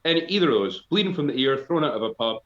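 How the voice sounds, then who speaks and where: A Scottish man in a folk band, telling rambling deadpan jokes in casual live-stream banter. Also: mid-range voice, quick pace. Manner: rambling deadpan comic patter. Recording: echoey, slightly dull live-stream audio.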